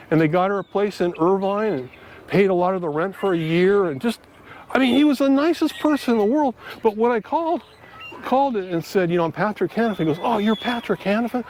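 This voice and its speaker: Man, high-pitched, earnest, rambling, casual storytelling to camera, outdoors, faint background noise. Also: darkish tone. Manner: rambling, earnest, many fillers and restarts. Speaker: vlogger. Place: outdoors in a park.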